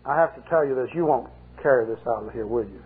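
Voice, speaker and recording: A man's voice: medium pitch, fast. An older male pastor preaching a sermon with folksy, humorous storytelling. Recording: muffled 1980 sermon tape, phone-like.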